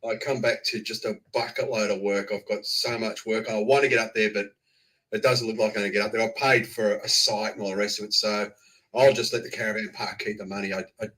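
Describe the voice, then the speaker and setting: A man's voice: on the low side, fairly even intonation, fast talker, sharp tone. An Australian man, a guest on a livestream, telling a chatty story with laughs and acted-out quotes. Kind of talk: casual chat on a livestream.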